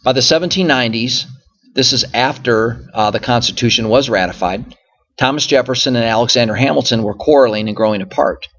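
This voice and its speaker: A man's voice: mid-range voice, brisk, a bit bright, muffled recording. A male history teacher lecturing through slides, explaining patiently and often circling back with "so again" and "okay?". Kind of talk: recorded classroom lecture over slides.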